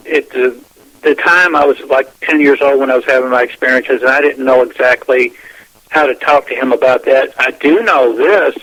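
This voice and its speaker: A man on a radio show, telling a long personal story in a meandering way, often repeating himself and restarting his sentences. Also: mid-range voice. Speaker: guest telling his experiences. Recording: dull lo-fi phone line.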